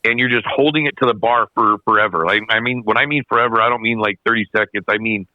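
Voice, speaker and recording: A man, a podcast guest, telling a racing story in casual, animated, slangy chat, often repeating himself. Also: fairly low pitch, fast talker, no echo. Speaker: podcast guest, snowmobile racer. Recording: dull dry podcast audio.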